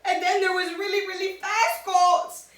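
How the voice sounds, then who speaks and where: A woman's voice: very high voice, moderate pace. A woman doing a rambling guest. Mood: rambling deadpan. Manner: rambling, deadpan, breaks into giggles. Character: Russian talk-show guest, absurd and boastful. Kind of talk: improvised comedy sketch. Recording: echoey room, far from the mic.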